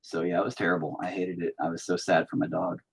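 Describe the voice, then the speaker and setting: A man's voice: low voice, little pitch movement, fast talker, vocal fry, breathy edge. A man chatting casually while he paints, rambling and joking with frequent swearing. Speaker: painting streamer.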